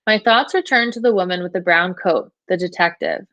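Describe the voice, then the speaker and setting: A woman's voice: fairly low pitch, lively intonation, a little fast, hardly any pauses, fairly bright tone, no room sound. A woman teacher reading a novel aloud to her class, narrating steadily in the first person.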